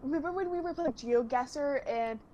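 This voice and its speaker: A woman's voice: high-pitched, normal speed, mellow, dull audio, slight background noise. A young woman, a singer guesting on a video call, chatting casually, giggling and saying "like" a lot. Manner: chatty and giggly, fills speech with "like". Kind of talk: casual chat.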